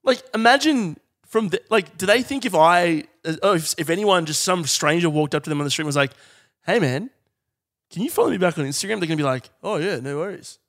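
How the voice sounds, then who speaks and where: A man, a comedian co-hosting a podcast, incredulous and quick to laugh. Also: a little high, a bit bright. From Australia. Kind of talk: casual comedic chat.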